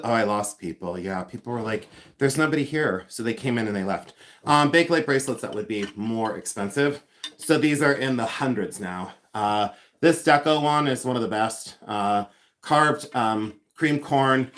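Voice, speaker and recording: A man from Ohio, a reseller and collector, chatting casually and rambling on a live stream, with many fillers and words spelled out slowly. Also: mid-range voice, fairly bright tone.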